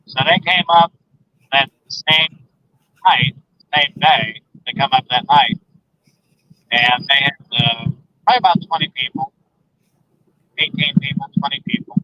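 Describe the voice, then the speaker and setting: A man's voice: mid-range voice, sharp tone, dry recording. Man telling a story over a dull phone line. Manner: halting, repeats words, emphatic. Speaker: interview guest recounting an encounter.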